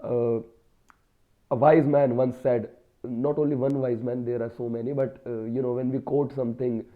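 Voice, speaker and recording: Indian man, halting talk, tinny phone sound. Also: mid-range voice, little pitch movement. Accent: Indian English. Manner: hesitant, many fillers and restarts. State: has a cold. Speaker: vlogger practicing spoken English. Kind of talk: casual solo talk to camera.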